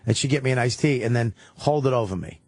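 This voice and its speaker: A man in casual radio banter, telling stories with lots of acted-out quotes and a husky voice. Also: medium pitch, quick pace, no echo, clean studio sound. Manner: animated storytelling, acts out quotes. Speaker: guest comedian.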